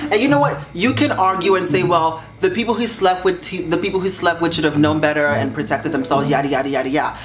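A young man reading viewer secrets aloud on his vlog, sassy and dramatic, jumping up high in pitch to make a point. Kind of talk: casual vlog reaction. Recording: echoey room with music behind.

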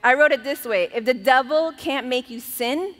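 A woman's voice: high-pitched, normal speed, background noise. A woman pastor preaching a sermon in a church, talking in a conversational and emphatic way and laughing now and then. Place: church auditorium. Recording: long reverb of a large church hall.

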